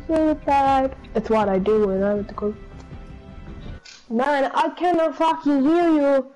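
An Irish woman streaming a game, chatting casually with a teammate, loud and swearing as she calls out to him. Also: high voice, unhurried, poor audio. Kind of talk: casual gaming chat. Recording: music playing behind voice.

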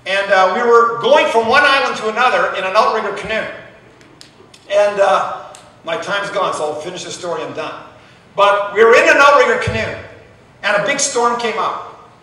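Man in his 60s, pastor, storytelling sermon style with a sharp tone, distant and roomy convention-hall sound. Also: sits high. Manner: storytelling, calling out "Amen?" to the congregation. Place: large echoing convention hall. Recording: echoey hall from far off.

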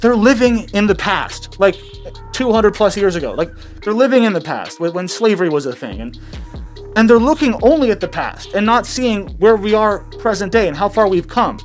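High-voiced rambling male commentator. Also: big pitch swings, normal speed, soft background music. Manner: rambling, restarts often. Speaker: comedy commentary host. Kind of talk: improvised comedic commentary.

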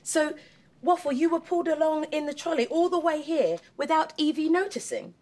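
A woman playing a primary school teacher, speaking in a gentle, coaxing classroom tone in a children's series. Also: high-pitched, expressive, normal speed. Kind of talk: children's live-action series.

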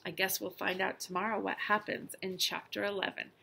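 A young adult woman, a teacher, reading a children's book aloud with expressive storytelling. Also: medium pitch, fairly quick, vocal fry, slightly rough.

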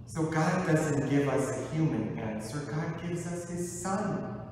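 A man, a Catholic priest, preaching a sermon with impassioned, repeated questions and deliberate pauses. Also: on the high side, animated, darkish tone, slight background noise. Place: large church. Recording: echoey church, voice from a distance.

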